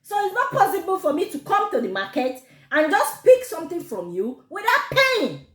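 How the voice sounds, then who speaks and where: A woman with a Nigerian accent telling a personal story to camera, animated and quick to laugh. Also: very high-pitched. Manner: animated, laughs often, gives advice. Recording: echoey room.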